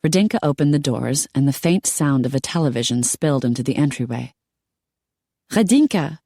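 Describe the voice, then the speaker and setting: A woman narrating an audiobook in a steady storytelling manner. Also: extremely low pitch, fast talker, no echo, clean studio sound. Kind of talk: scripted narration.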